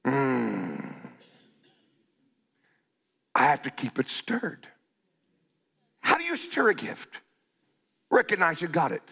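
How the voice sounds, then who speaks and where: An older man preaching a sermon in a blunt, scolding way, stretching out key phrases and breaking into shouts. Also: medium pitch, huge pitch swings, slow, vocal fry, long pauses.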